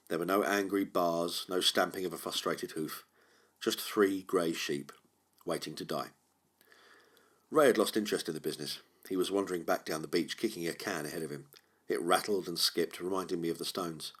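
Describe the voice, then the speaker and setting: A man narrating a horror audiobook in a measured, brooding way. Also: deep voice. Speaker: audiobook reader.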